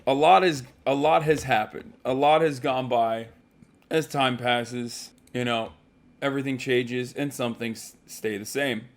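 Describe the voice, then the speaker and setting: A man's voice: mid-range voice, fairly even intonation, unhurried, creaky. A man livestreaming from a hotel room, chatting casually with rambling, profane jokes.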